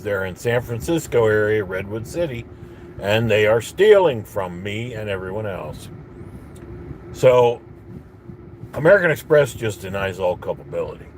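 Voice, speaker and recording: A man's voice: lowish voice, a little hiss or hum. A man ranting bitterly in a casual monologue, rambling with restarts and coughing at times. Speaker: vlogger.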